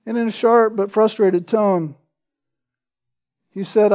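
A man preaching a sermon with a notably high, light voice. His tone is mellow and warm rather than bright. He tells his stories conversationally and keeps checking in with the congregation through rhetorical questions. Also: animated, moderate pace, long pauses. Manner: conversational storytelling, asks the listeners rhetorical questions. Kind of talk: expository sermon.

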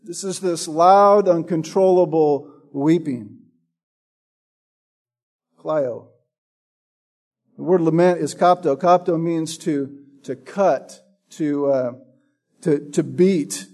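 Slow, high-voiced male preacher. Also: darkish tone. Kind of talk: sermon teaching from a Bible passage.

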